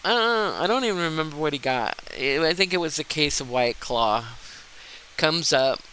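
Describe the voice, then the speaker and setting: A man talks his way through a cozy cleaning game, telling a rambling story at an unhurried pace. His voice sits a bit high and sounds bright and forward, with a faint hiss behind it. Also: lively intonation, poor audio. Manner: rambling storyteller, restarts, frequent laughs. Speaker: gameplay streamer. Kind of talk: casual gameplay chat.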